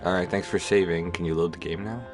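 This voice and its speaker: A man's voice: low-pitched, steady tone, fast talker, music in the background. A man streaming a game live, casual and rambling, with lots of filler words.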